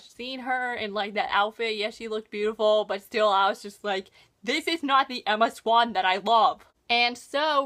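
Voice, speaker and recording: A young woman vlogger recapping a TV episode in casual chat, gushing and excitable, with lots of "like" fillers. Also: on the high side.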